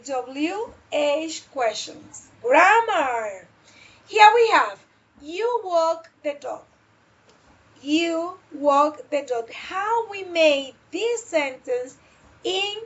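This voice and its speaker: Woman teacher, online English class; high voice, unhurried delivery, dull lo-fi sound. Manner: slow, drawn-out modelling of questions. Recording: dull lo-fi audio.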